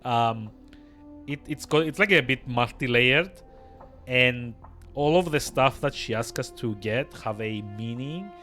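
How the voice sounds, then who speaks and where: A man's voice: mid-range voice, measured pace, sharp tone, soft background music. A man giving rambling live let's-play commentary, full of fillers. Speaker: streamer.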